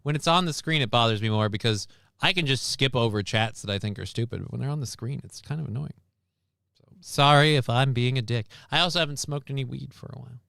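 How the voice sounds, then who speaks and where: A man's voice: medium pitch, quick pace, gravelly, a bit bright, no echo, studio quality. A man hosting a livestream, reacting to news clips in blunt, sarcastic casual commentary, swearing often. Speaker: livestream host.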